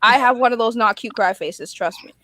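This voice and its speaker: A woman co-hosting a casual group stream chat, animated and self-mocking, often laughing. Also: fairly high pitch, brisk, dry recording. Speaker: stream co-host.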